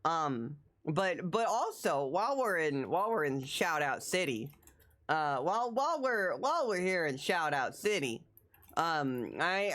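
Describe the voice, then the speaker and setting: Woman livestreamer, excitable and rambling, animated pitch swings, slightly low voice. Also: unhurried. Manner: excitable, rambling, repeats phrases. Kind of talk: casual live-stream chat.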